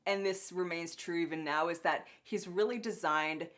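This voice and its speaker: A young woman co-hosting a casual podcast, rambling and animated with lots of filler words. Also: lowish voice, moderate pace. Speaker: podcast co-host reviewing a cartoon. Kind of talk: casual chat.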